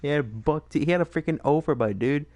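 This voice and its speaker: A man's voice: fairly high pitch, fast talker, a little mellow, no echo. A man rambling in a casual late-night chat, full of fillers and laughter. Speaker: streamer host.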